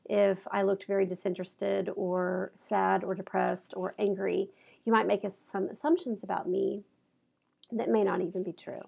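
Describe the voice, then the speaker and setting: A woman's voice: medium pitch, flat delivery, normal speed, gravelly, darkish tone, breathy edge. A woman college instructor giving a recorded lecture from her office, a little congested from allergies, talking conversationally through examples with fillers. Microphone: clip-on mic.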